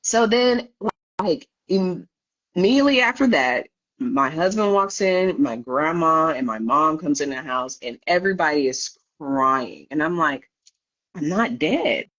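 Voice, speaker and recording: A lively woman guest tells her own story in a candid interview, often laughing and putting on the voices of others. Her voice is on the low side yet swings widely in pitch. The audio sounds a little dull and lo-fi. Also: unhurried. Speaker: podcast guest.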